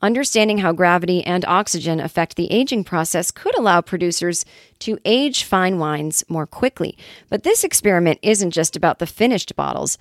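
A woman's voice: lowish voice, expressive, normal speed, dry recording, studio quality. A woman hosting a comedy podcast, reading news items and breaking off into wry, sarcastic asides. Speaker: podcast host. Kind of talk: casual comedic news chat.

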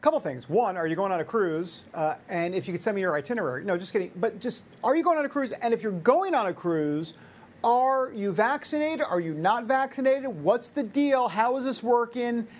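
A woman's voice: on the high side, expressive, fairly quick. Sarcastic fifty-something lady hosting a talk show, voice bounces up and down a lot, jokey opinion rant. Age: 50s. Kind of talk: opinionated commentary.

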